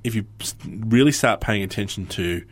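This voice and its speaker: A man's voice: lowish voice, normal speed, dry recording. An Australian man in his forties hosting a podcast, chatting casually and rambling, acting out quoted phrases. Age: 40s. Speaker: podcast host. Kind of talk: casual chat.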